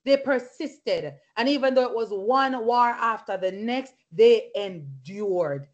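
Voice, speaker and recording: Fervent woman preaching, high lo-fi voice. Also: takes it slowly. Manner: fervent, punctuated with hallelujahs and praise. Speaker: Bible study leader. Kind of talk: sermon with personal testimony. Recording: lo-fi recording.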